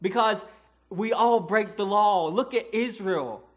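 A man's voice: high-pitched, takes it slowly. A man preaching a sermon in a church, reading scripture and explaining it earnestly, often restarting and repeating words. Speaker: pastor. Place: church sanctuary.

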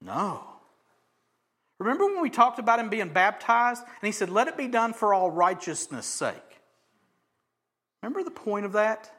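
High-voiced man preaching with dramatic swings. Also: sing-song, moderate pace, long pauses. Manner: dynamic preacher, swings from loud emphasis to hushed near-whisper; acts out quoted voices of crowds and Jesus. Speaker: pastor. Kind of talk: sermon.

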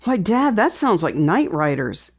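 Lady doing a perky teen girl, teasing and eager, higher voice, muffled audio. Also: sing-song, a little slow. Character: teasing, lively teenage girl detective.

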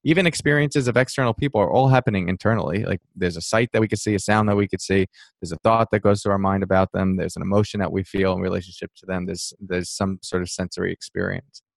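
A low-pitched man talks casually and thoughtfully, slipping into quick mock voices for restless inner thoughts. The sound is close and dry, with no room around it. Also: gravelly, dry recording. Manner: relaxed, reflective, acts out inner thoughts with laughs. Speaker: mindfulness teacher, guest. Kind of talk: conversational interview answer.

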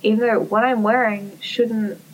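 A woman's voice: on the high side, fairly even intonation, measured pace, recorded from a distance, low-quality recording. A young woman talks candidly in an easy, casual chat. She swears freely and acts out what others said to her. A faint hiss sits behind her voice. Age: young adult.

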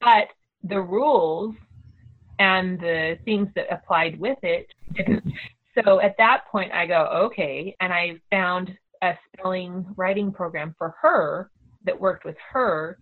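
A middle-aged homeschooling mother telling a story in a casual, animated way, acting out the voices of the people she quotes. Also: on the low side, slow pace. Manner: animated, acts out quoted dialogue. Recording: tinny phone-like audio.

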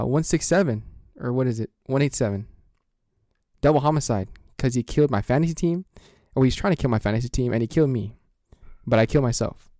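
A man co-hosting a podcast, giving an excitable, rambling rant as a plaintiff in a joking mock courtroom. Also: medium pitch, dry recording, studio quality. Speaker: podcast co-host.

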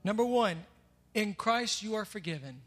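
Pastor mid-sermon, high and bright, loud emphatic declarations between soft asides, long hall reverb. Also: male voice, animated, normal speed. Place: church sanctuary. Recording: long reverb of a large hall, faint music.

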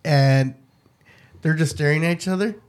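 A man co-hosting a casual podcast, joking and swearing through his plugs. His voice sits a bit higher than most men's. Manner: quick, joking plugs with profanity. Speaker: podcast co-host.

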